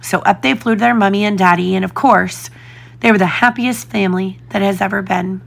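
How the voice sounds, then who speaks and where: A woman narrating a children's storybook in a gentle, expressive way. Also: medium pitch, a little fast, creaky. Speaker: storybook reader.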